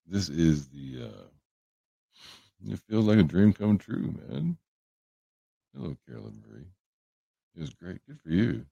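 A livestream host with a low, gravelly, dark voice chats casually and cracks jokes while greeting viewers by name. Recorded through headphones on a livestream setup, the sound is lo-fi with no room sound.

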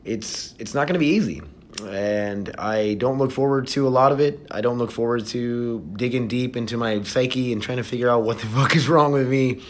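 A man's voice: medium pitch, moderate pace. Candid man podcasting from his phone. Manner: candid, rambling, with many restarts and fillers. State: emotional. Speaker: podcast host. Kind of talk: casual solo podcast talk. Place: residential treatment facility, indoors.

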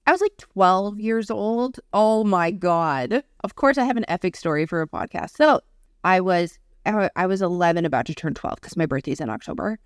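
A woman in her thirties co-hosting a podcast, telling a frank story in casual chat. Her pitch swings widely as she talks and she swears without a second thought. The sound is close and dry. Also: animated, normal speed, clean tone, dry recording. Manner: candid, swears freely, acts out voices in anecdotes. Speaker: podcast co-host.

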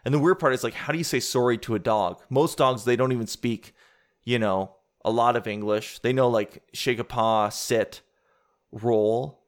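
A man doing an observational stand-up routine, rambling and conversational, interrupting himself and climbing higher in pitch as he riffs. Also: moderate pace. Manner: rambling, conversational, self-interrupting, rises in pitch when riffing. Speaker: stand-up comedian.

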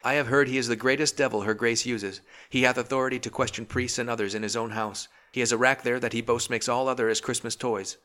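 Man putting on a scared tearful young wife, higher pleading voice, bright, storybook reading. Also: steady tone, fast, few pauses, close to an everyday voice. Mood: anxious. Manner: pleading, anxious.

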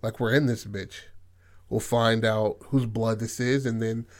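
A man's voice: lowish voice, flat delivery, a little slow. A man casually retelling a movie's plot as a podcast host, in a loose, profane way full of filler phrases. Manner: loose and profane, full of "like" and "you know what I mean".

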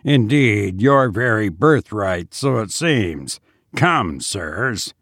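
A man's voice: on the low side, big pitch swings, extremely slow, fairly bright tone, no echo, clean studio sound, exaggerated voice. A man reading as a grim bearded soldier captain. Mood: grim, menacing. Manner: grim, coolly menacing.

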